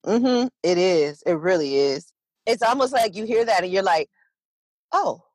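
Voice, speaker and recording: A woman hosting a podcast interview in casual chat, enthusiastic and quick to agree. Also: on the low side, animated, a little mellow, dry recording. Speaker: podcast host.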